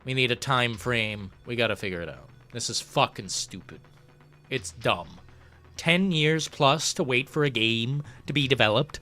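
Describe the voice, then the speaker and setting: Profane, ranting male streamer, bright tone. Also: medium pitch, unhurried. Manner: frustrated, profane, swings from muttering to shouting; reads chat messages aloud. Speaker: livestream host. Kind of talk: ranting live chat. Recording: faint background music.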